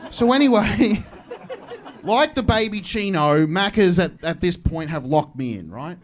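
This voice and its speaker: A man with an Australian accent performs stand-up on a club stage into a handheld mic. He tells rambling, self-mocking stories, slipping into other people's voices. His voice sits notably high for a man. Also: sing-song, measured pace. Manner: self-deprecating storytelling, acting out voices. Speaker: stand-up comedian. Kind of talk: stand-up comedy set. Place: comedy club stage with live audience.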